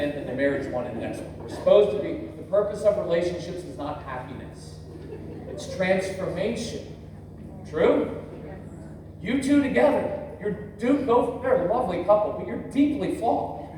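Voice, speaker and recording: A man's voice: sits high, animated, moderate pace, noisy background. Man in his fifties in an echoey hall. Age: 50s. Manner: storytelling, acts out quotes, jokes with the crowd. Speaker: parenting workshop speaker. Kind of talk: live workshop talk to an audience. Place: large convention hall. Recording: echoey hall, mic heard from far off.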